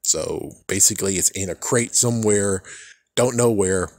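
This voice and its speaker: A young man giving a casual, rambling fan reaction, excitable and swearing freely as he trails off and restarts. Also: low voice, moderate pace, dry recording. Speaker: fan vlogger.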